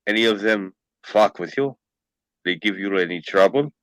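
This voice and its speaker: A man playing a huge mob guard who speaks broken English in a low, hushed voice. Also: normal speed, no room sound, close to an everyday voice. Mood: hushed, menacing. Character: huge menacing-friendly male Russian mob guard.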